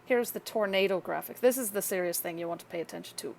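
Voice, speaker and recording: A woman's voice: mid-range voice, fast talker, creaky. A woman casually talking through a severe weather outlook, chatty and loose, with offhand asides and frequent self-corrections. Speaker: weather vlogger.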